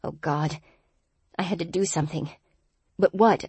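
Low-voiced woman narrating an audiobook. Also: fairly even intonation, moderate pace, mellow, slightly rough, no echo. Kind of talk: first-person audiobook narration.

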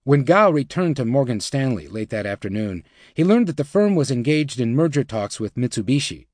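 A male audiobook narrator reads scripted nonfiction in a steady, measured manner, his pitch an ordinary middle. The recording is dry and close, with no sense of a room around him.

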